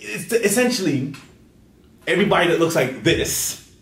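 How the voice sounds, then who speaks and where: Lively jokey man. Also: fairly high pitch, moderate pace, vocal fry. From Bermuda. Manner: jokey, slips into mocking voices. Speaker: co-host. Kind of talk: casual political discussion. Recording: roomy room sound.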